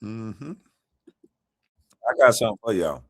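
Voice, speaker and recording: Animated man ranting on a live stream. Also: lowish voice, unhurried, dry recording, clean studio sound. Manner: loose, animated, laughing and ranting. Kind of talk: casual live-stream commentary.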